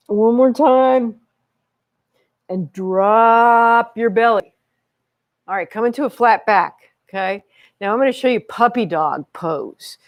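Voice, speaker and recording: A woman leading a children's yoga class at home, upbeat and encouraging as she talks young kids through each pose. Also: medium pitch. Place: home room with her dogs. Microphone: camera she set up herself.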